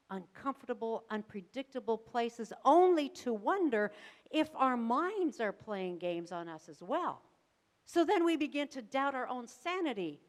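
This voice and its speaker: A woman pastor preaching a sermon, telling the story dramatically with varied emphasis and pauses. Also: medium pitch. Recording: long reverb of a church sanctuary.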